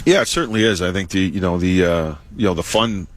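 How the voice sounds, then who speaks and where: A man, a hockey head coach, giving measured interview answers with lots of "you know" and "uh". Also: low voice.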